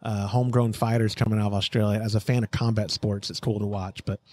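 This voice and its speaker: A man's voice: lowish voice, little pitch movement, fast talker, darkish tone. A man hosting a homebrewing podcast, chatting casually and reading out live chat comments. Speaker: podcast host.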